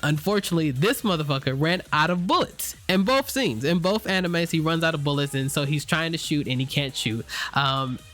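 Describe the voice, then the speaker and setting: A man's voice: a little high, expressive, fairly quick, hardly any pauses, a bit bright, soft background music. A man giving a loose, unscripted spoken review, full of fillers, restarts and casual swearing. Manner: swears freely, slangy. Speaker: anime reviewer.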